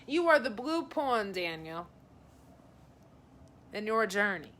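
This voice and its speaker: A woman's voice: mid-range voice, sing-song, slow pace, fairly bright tone, slight background noise. A woman giving a casual live psychic reading, chatting to viewers by name and passing on messages in a friendly, rambling way. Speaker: psychic advisor.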